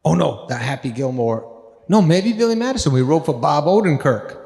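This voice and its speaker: A man's voice: on the high side, very animated, fairly quick, creaky, a little mellow. A man hosting a live on-stage chat, telling rambling, profane anecdotes and laughing through them. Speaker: host. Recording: roomy hall with long reverb.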